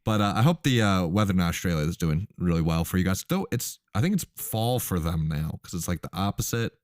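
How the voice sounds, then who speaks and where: A man's voice: sits low, animated, a little fast, no room sound, clean studio sound. A man hosting a podcast in casual chat, upbeat and rambling as he talks. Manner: rambling, upbeat, many fillers and restarts. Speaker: host.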